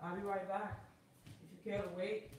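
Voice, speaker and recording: A woman from Haiti, ranting bluntly and profanely into her phone, swinging between loud outbursts and muttering. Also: mid-range voice, level tone, normal speed, a little hiss or hum. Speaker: vlogger. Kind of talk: profane comedic rant.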